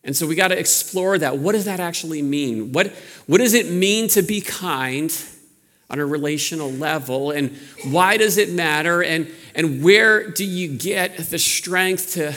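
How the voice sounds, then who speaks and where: A man with a New York accent, preaching a sermon in a relaxed, storytelling way with frequent restarts. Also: a little high, a little slow, big-room sound. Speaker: pastor.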